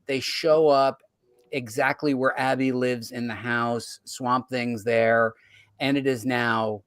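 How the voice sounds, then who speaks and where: A man's voice: medium pitch, fairly even intonation, takes it slowly, fairly bright tone, clean tone, dry recording. Playful male host, dry close sound. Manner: playful, teasing, steers the talk. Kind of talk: casual hosting chat.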